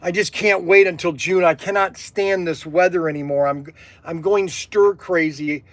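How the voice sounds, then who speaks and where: A man from Ohio, hosting a livestream, talking excitedly and stammering with gushing enthusiasm. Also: sits high, normal speed. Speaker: livestream host. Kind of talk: casual phone chat. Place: workshop.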